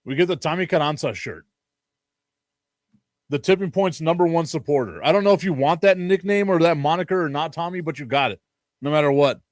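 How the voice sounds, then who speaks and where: A man hosts a casual sports talk stream, joking and rambling with lots of laughter. His voice sits a bit high for a man. The sound is dry and close, with no room echo. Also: a little fast. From Chicago. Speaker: sports talk show host.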